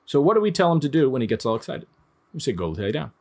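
A man's voice: fairly high pitch, very animated, very fast. A man in his thirties, a dog trainer giving an instructional talk in a conversational way, explaining through everyday examples.

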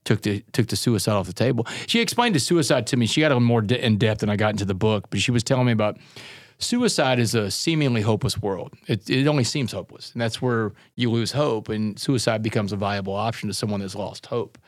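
A man's voice: lowish voice, fast, dry recording, clean studio sound. A man guest on an interview podcast, telling his story in an earnest, intense way and often calling the listener "man" and "brother".

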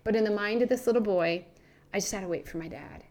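Brief: woman podcast co-host, mid-pitched, earnest animated storyteller, faith talk. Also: fast talker.

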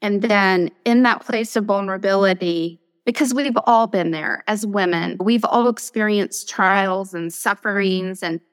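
Soft-spoken woman hosting a faith podcast. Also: mid-range voice, measured pace, hardly any pauses, smooth, big-room sound, poor audio. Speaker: podcast host. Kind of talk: conversational interview.

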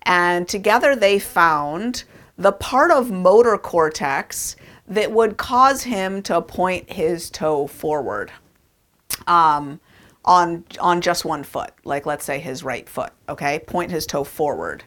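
Woman, lowish voice, conversational storyteller, emphatic with fillers. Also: lively intonation, slow, fairly bright tone. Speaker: speaker. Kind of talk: storytelling talk.

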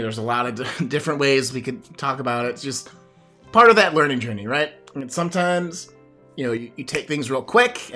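A man hosts his own podcast alone, talking straight to a camera. He is reflective and rambling, full of fillers and restarts, in an ordinary mid-pitched voice. Faint music plays softly behind him. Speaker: podcast host and coach. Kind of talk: solo podcast monologue.

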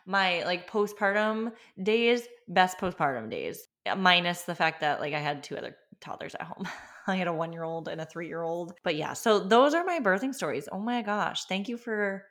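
A woman, hosting a podcast and telling a personal story in an animated, chatty way. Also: lowish voice, moderate pace. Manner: animated, chatty, lots of fillers. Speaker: podcast host.

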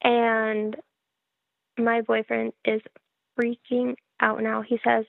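A woman tells her own story in a frank, wry way, often laughing at herself. Her voice sits a little high with a gravelly fry and little pitch movement. The sound is dry and thin, like a phone line. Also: completely flat delivery, slow pace, pauses often, dry recording. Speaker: guest telling her birth story. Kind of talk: casual storytelling interview.

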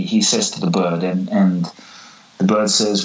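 Guy with a lowish voice telling a story on a podcast, gets really animated, repeats himself a lot, bit dull lo-fi sound. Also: a little slow, gravelly. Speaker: guest, spiritual teacher.

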